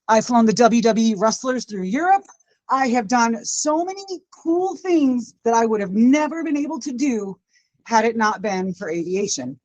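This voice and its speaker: A woman's voice: on the high side, lively intonation, moderate pace, darkish tone, dry recording, rough recording. A woman in her forties giving an informal, heartfelt classroom talk as a guest speaker, with a runny nose. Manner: emotional, earnest storytelling. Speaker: guest speaker, aviation education manager.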